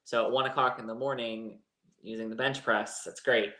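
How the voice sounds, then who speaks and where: A man's voice: medium pitch, steady tone, normal speed, bright, forceful tone, roomy sound. A man co-hosting a live chat show, telling a personal story in a candid, rambling way. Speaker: co-host. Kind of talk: casual chat.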